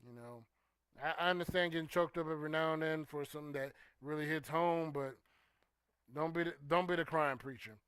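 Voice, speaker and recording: A man hosting a relaxed livestream talk show who greets viewers and reads their comments, talking loosely with plenty of "you know" and "um". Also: fairly high pitch, fairly quick, smooth, no echo. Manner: relaxed and conversational, with frequent "you know" and "um", trailing off quietly. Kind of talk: casual chat, reading and answering viewer comments.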